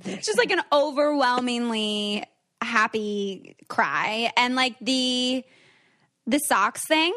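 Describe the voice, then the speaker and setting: A woman's voice: a little high, fairly bright tone. Chatty young woman, podcast host. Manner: candid storytelling, rambling with many likes. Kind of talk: casual chat.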